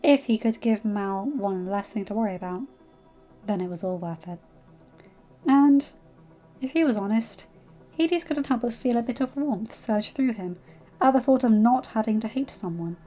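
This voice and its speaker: A woman's voice: on the high side, animated, moderate pace, dark tone, dull audio, soft background music. Bubbly woman reading fan fiction aloud. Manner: bubbly and enthusiastic in asides. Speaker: fan fiction reader, channel host. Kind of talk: storybook narration, chatty outro.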